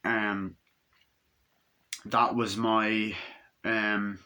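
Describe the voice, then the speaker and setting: A man's voice: lowish voice, little pitch movement, very slow, pushed and bright, clear, resonant tone. A young man casually reviewing a film, rambling with lots of fillers and offhand swearing.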